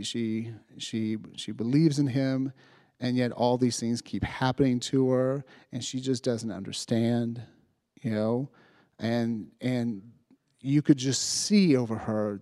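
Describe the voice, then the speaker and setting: A man's voice: medium pitch, a little mellow, no room sound, clean studio sound. Man preaching a fervent testimony. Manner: storytelling, building to fervent preaching. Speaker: youth speaker. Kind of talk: sermon testimony.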